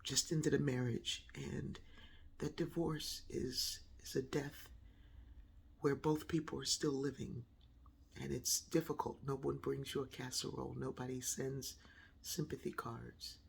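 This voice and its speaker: A woman's voice: rumbling low, a little slow, creaky, slight background noise. A woman telling a personal story in a reflective monologue, acting out voices when she quotes people. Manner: animated, acts out voices in quoted dialogue.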